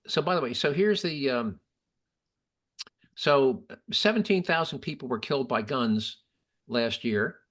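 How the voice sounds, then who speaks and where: A man's voice: medium pitch, fairly bright tone. A man hosting a casual political podcast, giving opinions and arguing with statistics. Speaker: podcast host.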